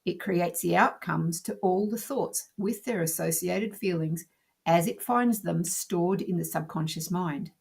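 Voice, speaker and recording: Woman narrator for an instructional lesson: lower register, a little husky, calm and measured. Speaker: teacher. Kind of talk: scripted narration.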